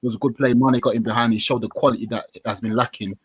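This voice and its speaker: Male podcast guest, mid-pitched, dry close sound, slangy match breakdown. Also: fast, breathy edge, no echo. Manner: animated, slangy, swears casually. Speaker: podcast guest, football fan. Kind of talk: casual match analysis.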